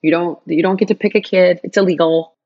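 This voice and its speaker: A woman telling a personal story in an interview, animated, acting out quoted dialogue with big jumps in her voice. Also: lowish voice, brisk, lo-fi sound.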